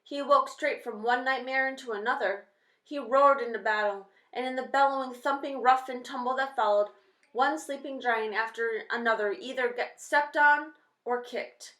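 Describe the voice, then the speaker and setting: A woman reading a children's novel aloud with steady, expressive storytelling. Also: high voice, normal speed. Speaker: reader. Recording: roomy echo.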